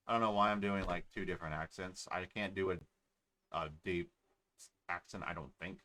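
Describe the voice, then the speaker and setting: A man's voice: sits low, steady tone, normal speed, sharp tone. A man casually commenting while playing a game, offhand and self-mocking. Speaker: game player. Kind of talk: casual let's-play commentary.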